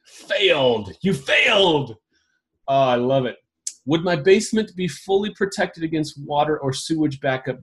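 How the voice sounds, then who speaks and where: Amused man reading questions aloud. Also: medium pitch. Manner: reads questions aloud with amused, laughing commentary. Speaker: podcast host. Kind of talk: casual roundtable discussion.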